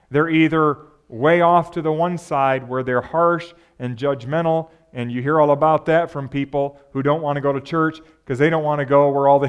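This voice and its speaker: A male pastor preaches in a conversational manner, frequently posing rhetorical questions to the congregation. His voice sits a little high and has a clean tone.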